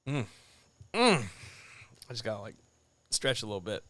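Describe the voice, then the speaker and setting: Blunt, animated man hosting a stream. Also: fairly low pitch, normal speed, no room sound. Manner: blunt, animated, conversational, with jokey asides. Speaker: host of a writers' Q&A stream. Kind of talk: casual live-stream advice chat.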